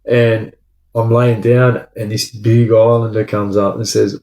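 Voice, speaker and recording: Swearing freely and peppering his talk with "like" and "bro," a young Aussie guy rambles through an old story in a relaxed way. He speaks a little slowly in a lowish, darkish voice with little pitch movement, and the room echoes.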